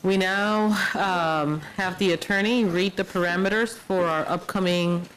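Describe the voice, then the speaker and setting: A woman runs a city council session in a brisk, procedural manner. Her voice sits a little low. The room audio carries clear background noise. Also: steady tone, low-quality recording. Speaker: council chair. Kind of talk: chairing a meeting.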